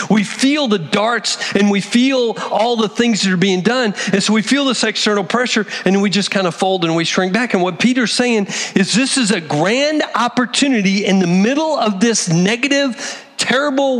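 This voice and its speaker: Male pastor preaching, kinda high voice, acts out little quotes, big reverby hall sound. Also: a bit bright. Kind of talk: sermon.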